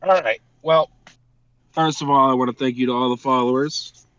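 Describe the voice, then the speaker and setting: A man's voice: medium pitch, steady tone, normal speed, fairly bright tone, no room sound. Male podcast co-host, casual and profane, slightly muffled dry recording. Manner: swears casually, reads off a thank-you list.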